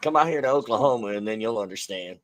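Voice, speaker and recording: A man's voice: lowish voice, expressive, fast talker, poor audio. A man hosting a podcast, chatting in a laid-back, joking way full of slang. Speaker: podcast host. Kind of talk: casual podcast interview.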